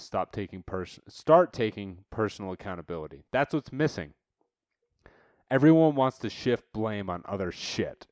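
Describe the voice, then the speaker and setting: A man's voice: lowish voice, a little mellow, no room sound, studio quality. A man hosting a podcast, delivering a profane, fired-up motivational rant, blunt and swearing constantly as he calls listeners dude. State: worked up and irritated. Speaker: podcast host.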